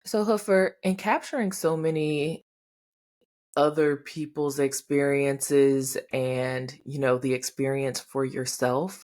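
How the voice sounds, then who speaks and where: A podcast host asking a guest questions in a relaxed, drawn-out way. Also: medium pitch. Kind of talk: casual interview questions.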